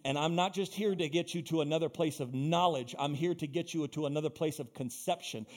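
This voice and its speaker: A man's voice: on the high side, a little fast, a little mellow. A male pastor preaching a sermon in a church, building into fervent, repetitive exhortation.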